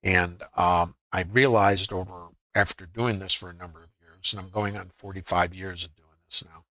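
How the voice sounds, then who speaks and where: A man's voice: low voice, fairly even intonation, moderate pace, bright, forceful tone, rough recording. A man in his sixties giving live trading commentary to his viewers. He talks in a conversational way, thinks aloud with rhetorical questions and often checks that viewers are following. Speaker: futures trading educator.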